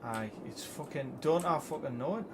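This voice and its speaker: A Geordie man streams a game live, swearing at nearly every turn and getting exasperated with the controls. His voice sits in an ordinary middle pitch. A steady hiss of noise runs under the recording. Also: normal speed. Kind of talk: live gameplay commentary.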